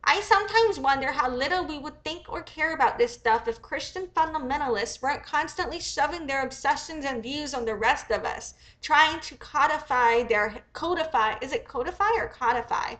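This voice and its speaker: Young American woman, livestream commentator, high and bright, a bit sick, profane, rambling. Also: moderate pace, few pauses. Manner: profane, rambling, thinks aloud. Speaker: livestream host.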